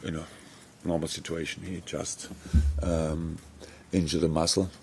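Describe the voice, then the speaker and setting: A middle-aged football manager answering press questions frankly, with many restarts. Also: male voice, extremely low pitch, level tone, unhurried, vocal fry, a little mellow, slight background noise. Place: press conference room.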